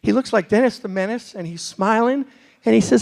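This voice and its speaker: A man giving a humorous storytelling talk on stage as a speaker, animated and acting out the voices of people in his stories. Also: high voice, brisk, gravelly. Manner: animated, acts out quoted voices.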